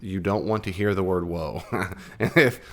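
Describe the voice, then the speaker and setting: A man with an American accent teaches a Bible study class in a loose, conversational way. His voice sits fairly low, and he keeps turning to the room with questions. He acts out the scripture lines he quotes as he goes. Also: unhurried, fairly bright tone. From United States.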